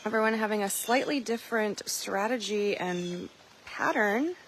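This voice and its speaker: A woman commentating on a challenge, describing the players in a relaxed play-by-play. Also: medium pitch, normal speed, slight background noise, poor audio.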